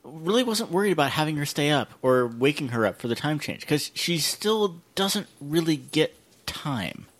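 Animated man co-hosting a tech podcast. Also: a little high, normal speed. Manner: animated, storytelling. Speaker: podcast co-host. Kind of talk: casual tech podcast chat.

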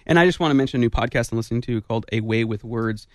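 A man's voice: medium pitch, racing, dry recording, clean studio sound. A man hosting a call-in radio show, chatting playfully and laughing often. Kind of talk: casual radio chat.

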